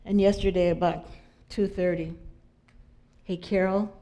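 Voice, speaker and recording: A woman preaching an informal sermon, telling stories in a conversational, animated way. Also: on the low side, moderate pace, long pauses.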